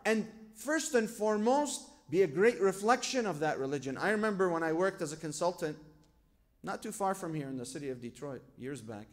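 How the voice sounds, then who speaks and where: A man's voice: high voice, lively intonation, fairly quick. A man giving a sermon as a sheikh. He tells stories from his own life, asks rhetorical questions and quotes scripture. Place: lecture hall at a religious gathering.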